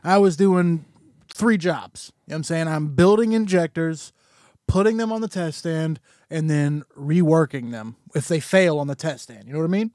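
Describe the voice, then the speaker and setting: A man's voice: a little high, moderate pace, darkish tone, dry recording, clean studio sound. A young man co-hosting a podcast, chatting casually, joking and swearing as he rambles. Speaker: podcast co-host. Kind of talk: casual chat.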